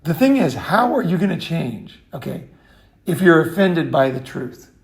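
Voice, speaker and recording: A man's voice: fairly high pitch, big pitch swings, moderate pace, gravelly. A middle-aged man giving a blunt, crude, profane monologue, lecturing the listener emphatically. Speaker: online commentator.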